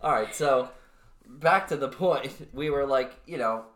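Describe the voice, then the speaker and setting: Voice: mid-range voice, measured pace, echoey room, background noise. A podcast host chatting casually, rambling and restarting stories. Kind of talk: casual chat.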